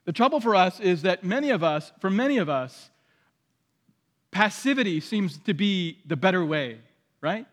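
A man's voice: sits high, lively intonation, normal speed, a bit bright, big-room sound. A man preaching a sermon in a conversational way, acting out the voices he quotes. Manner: conversational, acts out quoted voices, many restarts.

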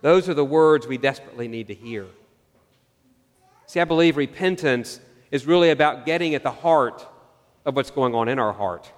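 A man preaching a sermon, earnest and searching, asking his listeners questions and slowing down on key phrases. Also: medium pitch, animated, in a large hall. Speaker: pastor.

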